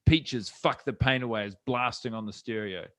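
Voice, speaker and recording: A man with a New Zealand accent reading stage directions for a comedy script reading, with wry asides. His mid-pitched voice sounds close and dry. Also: moderate pace, a bit bright, no echo.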